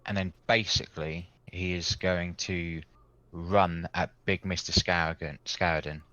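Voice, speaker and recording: A man's voice: deep voice, steady tone, unhurried, pushed and bright, dry recording. A man playing a tabletop game, casually describing his character's moves in third person. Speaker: player. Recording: dull lo-fi dry mic.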